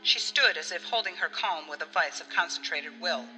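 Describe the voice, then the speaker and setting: A woman narrating an audiobook story in an expressive way, acting out the dialogue. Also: lowish voice, normal speed. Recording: long reverb with faint music.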